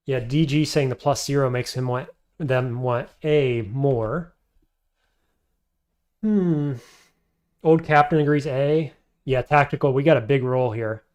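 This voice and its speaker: Taking it slowly and pausing often, a man streams a game and reasons out loud over his choices while replying to chat. His voice is medium-pitched and darkish, and the commentary is casual live-stream talk.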